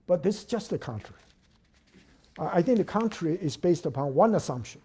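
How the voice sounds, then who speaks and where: A man giving an academic lecture, thoughtful and hesitant, pausing on fillers and restarting phrases, then stressing key words. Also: high voice, lively intonation, a little mellow, husky.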